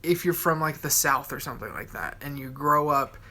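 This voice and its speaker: A woman's voice: sits low, brisk, sharp tone. A woman with a Utah accent chatting casually and playfully on a live stream.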